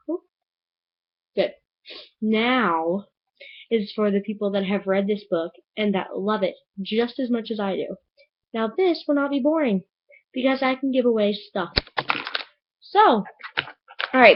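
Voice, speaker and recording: A woman's voice: mid-range voice, lo-fi sound. A woman reviewing a book in a casual vlog, rambling and chatty with lots of fillers.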